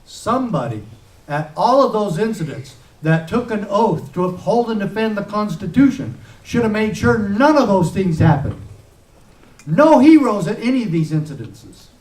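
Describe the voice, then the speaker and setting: A man, a former sheriff, giving an impassioned public speech with forceful, emphatic peaks. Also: high voice, sing-song, normal speed. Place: event room. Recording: echoey room heard from a distance.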